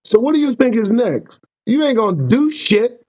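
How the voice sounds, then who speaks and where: A man's voice: extremely high pitch, normal speed. A man hosting his own show, ranting with profanity and preaching warnings. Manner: profane, preaching, lively ups and downs. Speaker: show host. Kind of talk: impassioned ranting commentary. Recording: dull lo-fi sound.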